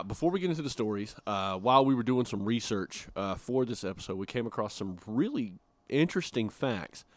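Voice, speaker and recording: A man with a fairly low voice co-hosts a podcast, chatting casually and cracking jokes. He talks loosely with plenty of filler words, and the recording is dry and close. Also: no room sound. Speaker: podcast co-host.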